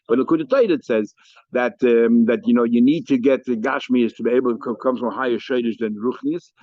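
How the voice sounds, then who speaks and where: Fast-talking rabbi teaching a Talmud class. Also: male voice, mid-range voice, no room sound. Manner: lively, animated, explains and asks questions. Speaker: rabbi teaching daf yomi. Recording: muffled lo-fi sound.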